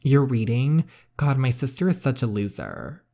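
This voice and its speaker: A man's voice: medium pitch, very animated, moderate pace, vocal fry, warm tone. A man reading the part of a spoiled, sarcastic teenage girl in a story game, with a snide, dismissive delivery.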